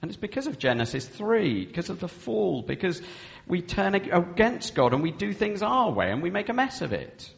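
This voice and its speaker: Gravelly and pitched high, this man's voice makes big swings as he preaches at a moderate pace. The subject is marriage; he's earnest and quotes the vows as if speaking them himself, with long hall reverb around him.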